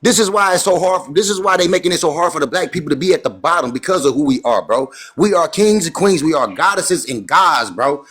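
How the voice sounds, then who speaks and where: A man's voice: a little high, expressive, a little fast, few pauses, a bit bright, breathy edge. A man ranting preachily and saying "bro" again and again. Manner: preachy, says "bro" constantly. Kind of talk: heated casual rant.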